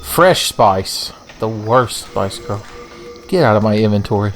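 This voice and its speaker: A man's voice: on the low side, animated, a little slow, a bit bright, faint music behind. A young man giving casual, profane, joking let's-play commentary as he plays a game. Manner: profane, joking, rambling asides. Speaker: gaming channel host.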